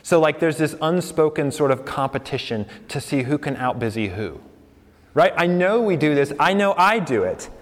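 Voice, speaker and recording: A man's voice: on the high side, animated, normal speed. A young man preaching a sermon in a conversational way, asking the congregation questions and laughing along with them. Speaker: pastor. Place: church hall with congregation. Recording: long hall reverb.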